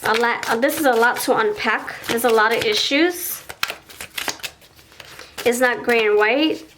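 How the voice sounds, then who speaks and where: A woman's voice: a little high, unhurried, noisy background. A woman reading tarot cards for viewers. She thinks aloud as she pulls the cards and often stops and restarts her sentences. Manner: acts out imagined dialogue between partners. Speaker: tarot reader. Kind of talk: pick-a-card tarot reading.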